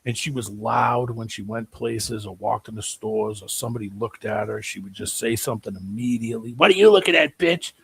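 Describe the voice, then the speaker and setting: A man's voice: on the low side, fairly quick, gravelly, hardly any pauses, a little hiss or hum. A man on a live panel call, telling a story with lots of laughter and voiced asides. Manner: animated storyteller, laughs a lot, mimics voices. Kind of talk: casual panel chat.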